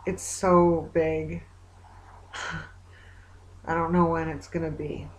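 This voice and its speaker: A woman's voice: sits low, flat delivery, slow pace, slight background noise. A woman talking in a casual personal video diary, rambling as she retells conversations with many fillers, hopeful yet weary. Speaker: vlogger.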